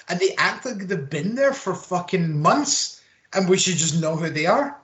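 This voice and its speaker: A man's voice: high voice, animated, moderate pace, fairly bright tone. A man co-hosting a casual podcast chat, ranting with plenty of swearing and mocking put-on quotes. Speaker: podcast co-host. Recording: roomy echo.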